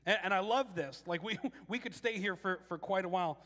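High, bright-voiced man preaching a sermon. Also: a little fast, in a large hall. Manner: casual, animated, with frequent restarts and acted quotes. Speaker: pastor.

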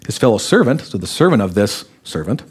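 A man's voice: brisk, breathy edge. A man, a pastor, preaching a sermon, animatedly acting out the voices of the people he quotes. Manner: animated, acts out quoted voices with raised pitch.

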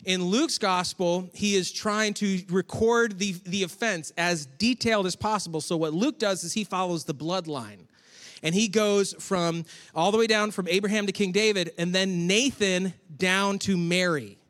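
A man from Western New York preaching a conversational sermon, with chatty, animated asides to the congregation. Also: high-pitched, moderate pace. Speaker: pastor. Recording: long hall reverb.

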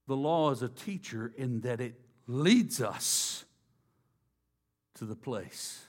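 A man preaching a sermon, slow and deliberate, dropping to a hush on key phrases. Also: mid-range voice, lively intonation, breathy edge. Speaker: pastor.

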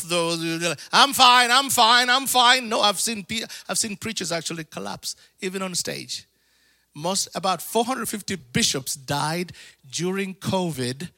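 A man preaching a sermon in an animated way, acting out little voices, laughing and calling for amens. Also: on the high side, no echo, studio quality. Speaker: pastor.

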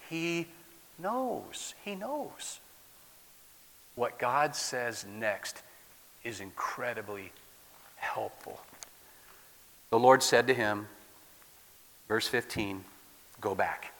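A man from the Midwest preaching a sermon as a guest pastor, swinging from loud declaiming to soft near-whispers, in a church. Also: mid-range voice, animated, slow, long pauses. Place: church sanctuary. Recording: long hall reverb.

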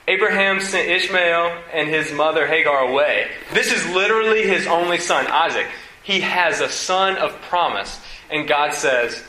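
Man preaching, reading scripture, animated questioning, bright edge, echoey room. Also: a little high, normal speed, slight background noise. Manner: animated, questioning, reads aloud then comments. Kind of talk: expository sermon reading scripture.

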